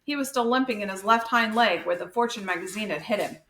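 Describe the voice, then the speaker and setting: A woman reading a children's chapter book aloud in a steady, expressive way. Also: mid-range voice, quick pace, a little hiss or hum. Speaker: reader. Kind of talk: storybook read-aloud. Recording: echoey room.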